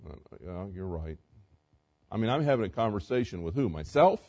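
Speaking a little fast in an animated, low-side voice, a male pastor delivers a sermon that alternates loud emphatic stretches with quiet conversational asides and questions posed straight to the congregation.

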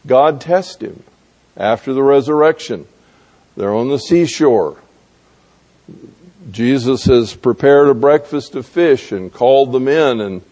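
A man's voice: mid-range voice, darkish tone. A man preaching a sermon who acts out the dialogue of scripture scenes in a dramatic way.

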